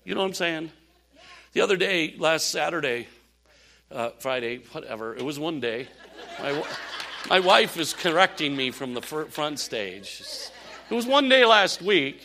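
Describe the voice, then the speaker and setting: An older man preaching a sermon, telling animated stories with laughs and asides. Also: fairly high pitch, moderate pace, creaky. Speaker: pastor.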